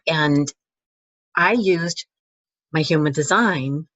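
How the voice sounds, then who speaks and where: Woman, interview guest, musing, halting trailing phrases, dull dry video-call sound. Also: deep voice, a bit bright, no echo. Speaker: guest, teacher. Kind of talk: casual conversational interview.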